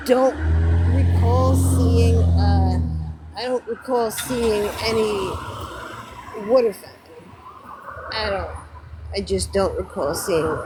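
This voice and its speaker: A woman's voice: medium pitch, noisy background. A woman livestreaming casual chat from outdoors near a road, rambling and correcting herself, close to tears with frustration.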